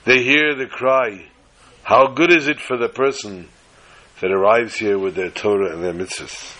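A man telling a religious story to listeners in a measured, dramatic way. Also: lowish voice, fairly even intonation, pushed and bright, low-quality recording.

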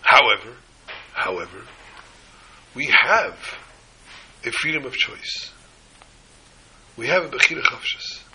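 A man preaching a sermon, telling a story with lively emphasis. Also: medium pitch, a little slow, pauses often, heavy background noise. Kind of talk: sermon with a told joke.

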